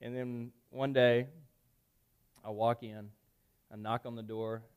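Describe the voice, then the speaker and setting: A man preaching a sermon, telling a personal story conversationally, with self-deprecating asides and lively acted-out dialogue. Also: mid-range voice, takes it slowly, clear, resonant tone. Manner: animated, acts out dialogue in shifting voices. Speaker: pastor.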